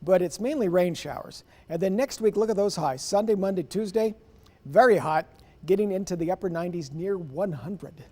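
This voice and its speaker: A man's voice: sits high, moderate pace, mellow, long reverb tail. A man giving a TV weather forecast, walking viewers through the map in an upbeat way.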